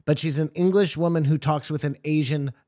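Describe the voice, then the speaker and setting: A man's voice: fairly high pitch, fairly even intonation, brisk, warm tone, dry recording, clean studio sound. A man co-hosting a podcast, telling stories with crude humor in laid-back banter. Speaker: podcast co-host.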